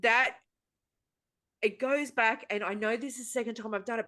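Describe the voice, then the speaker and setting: A woman's voice: fairly high pitch, fairly even intonation, moderate pace, fairly bright tone. A woman with an Australian accent hosting a casual podcast chat, telling a long story in an exasperated, sweary way. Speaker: podcast host.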